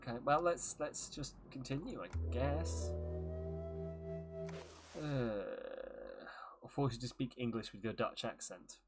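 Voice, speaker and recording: A man's voice: medium pitch, unhurried, long pauses, music in the background. A man casually commenting while streaming a game, rambling and joking with frequent laughs. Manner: rambling, jokey, laughs often.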